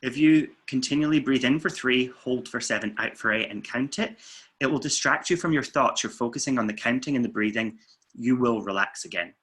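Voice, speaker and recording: A man, a weight-loss coach, calmly guiding listeners through muscle tensing and breathing exercises. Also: mid-range voice, husky. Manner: calm, steady counting and coaching. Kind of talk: guided relaxation instructions. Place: indoors, filming himself.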